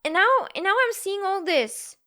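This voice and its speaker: A young woman from Bulgaria, a live streamer, talking to her chat in a halting, earnest and emotional way. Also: very high-pitched, animated, pushed and bright.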